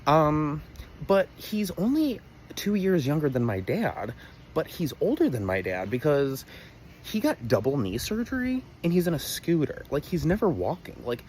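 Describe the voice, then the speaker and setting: A man's voice: on the high side, wildly swooping pitch, moderate pace, a little mellow, a little hiss or hum. A young man rambling through a comedic personal story to camera, exaggerated and full of asides. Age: young adult.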